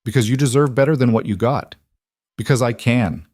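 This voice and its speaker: A man voicing a steady, protective husband who speaks calmly and reassuringly. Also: mid-range voice, brisk, no echo, clean studio sound, pitched above the performer's own voice, lightly acted. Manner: calm, reassuring.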